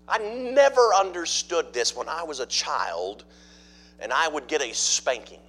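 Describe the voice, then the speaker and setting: A middle-aged pastor with a high-pitched voice delivers a sermon. He keeps it conversational and stops to ask people in the pews questions. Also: very animated, a little slow, a bit bright. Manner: conversational preaching, asks the congregation questions.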